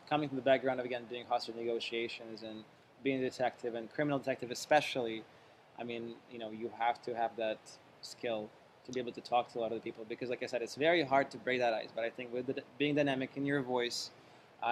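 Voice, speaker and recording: A man's voice: mid-range voice, a little hiss or hum, rough recording. A man hosting a casual interview, affirming and full of praise for his guest. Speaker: interview host.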